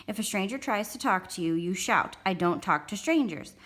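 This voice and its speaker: A woman's voice: medium pitch, fairly quick, fairly bright tone, natural voice. Woman reading a firm, caring mom. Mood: earnest. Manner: earnest, instructive.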